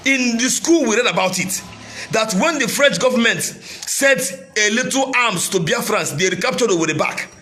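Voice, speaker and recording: Man, Nigerian accent, native Igbo speaker, very high voice, fiery declaiming speech, shouting and sing-song cadence. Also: animated, moderate pace, faint music behind. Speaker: self-styled militia leader. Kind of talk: impassioned speech to followers.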